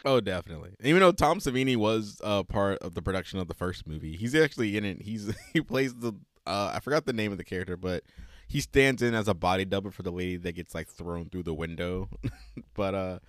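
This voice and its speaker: Male podcast co-host, lively and giggly, mid pitch, dry recording. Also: a little fast, no echo. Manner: laughs often, animated storytelling. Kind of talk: casual chat.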